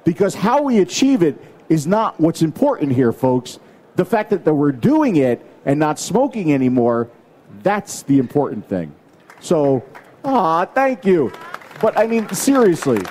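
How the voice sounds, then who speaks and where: A man's voice: on the high side, sing-song, a little slow, darkish tone, a faint crowd. An American man speaking as a conference panelist, talking casually and emphatically with plenty of fillers and restarts. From United States. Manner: emphatic, rambling, many fillers.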